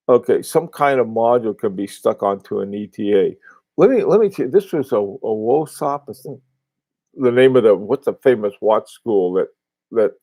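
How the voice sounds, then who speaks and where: A man of ordinary middle pitch hosts a casual livestream, chatting to viewers. He rambles, stops and restarts often, and fills gaps with "uh" and "you know." The sound is close and dry, with no room around it. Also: a little mellow, no room sound. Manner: rambling, halting, many restarts and fillers. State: has the hiccups. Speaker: host of a live watch talk.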